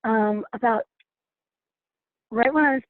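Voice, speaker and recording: A woman on a phone call in a class, earnestly telling a personal story with halting restarts. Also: fairly high pitch, no room sound. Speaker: class participant sharing a story. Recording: tinny phone line, dry.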